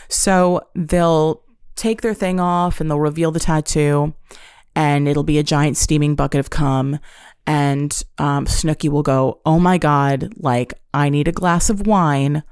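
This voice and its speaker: A woman's voice: low-pitched, a little mellow, clear, resonant tone, no room sound, clean studio sound. A woman hosting a solo podcast, recapping a show in a profane, sarcastic, joking way. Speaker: podcast host. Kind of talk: casual solo podcast storytelling.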